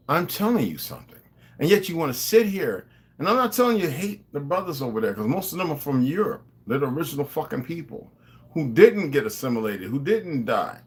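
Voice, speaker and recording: A man's voice: a little high, sing-song, brisk. A man delivering a profane, confrontational monologue, lecturing his viewers.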